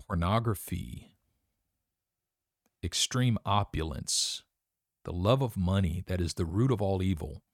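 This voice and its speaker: A man's voice: deep voice, no room sound, studio quality. A man hosting his own podcast, speaking an earnest, emotionally reflective confessional monologue. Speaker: podcast host.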